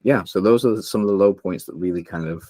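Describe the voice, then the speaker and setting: In a low, mellow voice, a young podcast guest talks fast through honest personal stories, getting emotional and earnest as he stumbles over fillers and restarts. It's studio-quality audio without echo.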